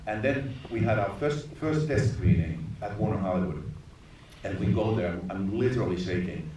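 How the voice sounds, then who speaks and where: A middle-aged man from Finland, a film director telling stories at a screening Q&A, animated and laughing often. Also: lowish voice, moderate pace. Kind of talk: live anecdote on stage. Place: large echoey cinema hall. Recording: distant, echoey theater recording with noise.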